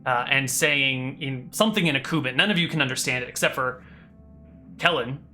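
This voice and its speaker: Bright-voiced game master narrating a tabletop game. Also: mid-range voice, soft background music. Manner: casual, quick asides with fillers.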